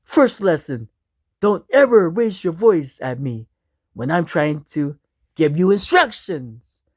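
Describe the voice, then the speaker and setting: A haughty machine voice of a self-aware motorhome, put on by a man telling a story. It talks in slow, clipped, prim sentences with a lively rise and fall, and the politeness turns into quiet menace. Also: fairly high pitch, dry recording, clean studio sound, full character voice. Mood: menacing. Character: vengeful talking motorhome computer, touchy and menacing.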